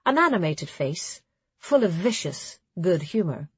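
A woman narrating a story in a measured, even way, with a breathy voice. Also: fairly low pitch, dry recording, lo-fi sound. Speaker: audiobook narrator. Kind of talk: scripted narration.

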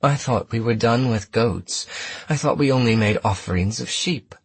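A man's voice: mid-range voice, moderate pace, slightly rough, no room sound, pitched above the performer's own voice. A man voicing a young woman with a lightly raised, wry tone in an audiobook.

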